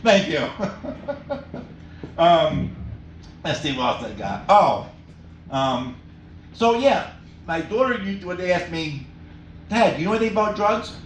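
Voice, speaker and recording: Man, stand-up comic, rambling, chuckles at own jokes, high lively voice, roomy cafe sound. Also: measured pace, long pauses, slight background noise. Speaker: stand-up comedian. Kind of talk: stand-up comedy set. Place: small cafe stage with live audience. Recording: echoey room, mic from far off.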